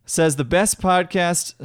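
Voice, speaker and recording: Smooth-voiced bantering male podcast host. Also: a little high, takes it slowly, no echo, studio quality. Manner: playful, bantering, reads listener reviews aloud. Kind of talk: casual chat.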